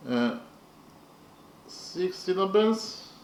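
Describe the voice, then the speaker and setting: Slow gravelly man lecturing from afar. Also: high voice, lively intonation. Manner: deliberate, repetitive, with hesitant fillers. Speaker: literature lecturer. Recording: roomy, from a distance, faint noise.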